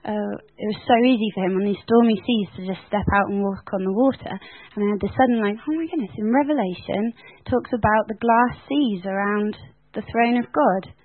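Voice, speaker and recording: A woman teaching at a Bible school in an animated, sermon-like way, laughing often and filling her talk with "like". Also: medium pitch, normal speed, hardly any pauses. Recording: tinny phone-like sound.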